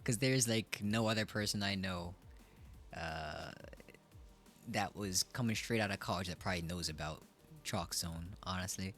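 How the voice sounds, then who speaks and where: A man's voice: low-pitched, normal speed, fairly bright tone, faint music behind. A man in his twenties chatting casually on a live stream, playful and joking at his own expense. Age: 20s. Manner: playful, joking, self-mocking. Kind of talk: casual chat.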